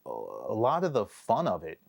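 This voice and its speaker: A man slowly reminiscing in an interview. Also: fairly low pitch, huge pitch swings, vocal fry, no room sound. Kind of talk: reflective interview chat.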